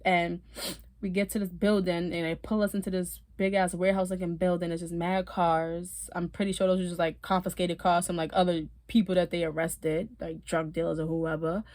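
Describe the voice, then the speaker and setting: A woman telling her own story in a casual, animated way, swearing often and laughing now and then. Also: on the low side, brisk, no echo.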